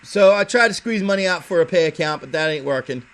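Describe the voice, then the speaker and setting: Man, internet radio host, fairly high and bright voice, lively swooping pitch, rambling and profane, faint hiss. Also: fast. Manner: rambling, profane, laughs often. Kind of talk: casual internet radio chat.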